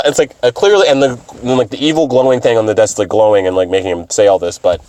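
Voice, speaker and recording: A man's voice: on the low side, quick pace, hardly any pauses, a little mellow, no echo. A man hosting a podcast, rambling casually with lots of fillers and swearing. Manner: profane, rambling, full of fillers. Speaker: podcast host.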